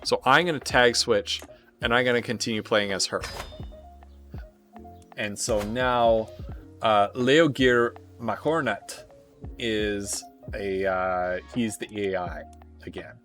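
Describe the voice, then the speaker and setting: A Canadian man talks his way through a strategy game on a live stream, taking his time and stopping often on little fillers as he thinks aloud. His voice has a bright, forward edge, and soft music plays underneath. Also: lowish voice. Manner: rambling, thinking aloud with frequent filler pauses. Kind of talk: casual live game commentary.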